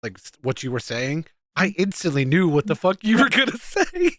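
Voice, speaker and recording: Lively, laughing man, dry close mic. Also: fairly high pitch, no room sound. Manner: quick to laugh, asks follow-up questions. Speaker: podcast co-host. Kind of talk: casual podcast chat.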